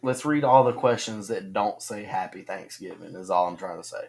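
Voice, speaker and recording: A man co-hosting a casual fantasy football livestream, talking haltingly with many ums and restarts. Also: deep voice, gravelly, a little mellow. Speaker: co-host of a fantasy football stream.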